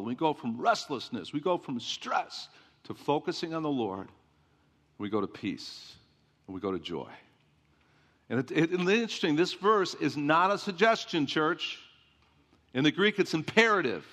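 A pastor giving an emphatic sermon, repeating refrains and asking the congregation questions. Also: male voice, medium pitch, fairly bright tone. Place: church sanctuary. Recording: long reverb of a church hall.

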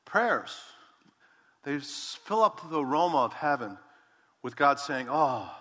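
A man in his fifties, a pastor, telling a personal story in a sermon, animated and repeating words as he acts out conversations. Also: on the high side, unhurried, long reverb tail.

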